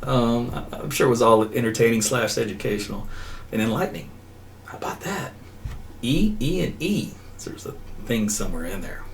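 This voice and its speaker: A man's voice: medium pitch, animated, normal speed. A middle-aged man, a meteorologist hosting a casual livestream, who rambles off on tangents and laughs often. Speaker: meteorologist host. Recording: slightly distant mic with faint background noise.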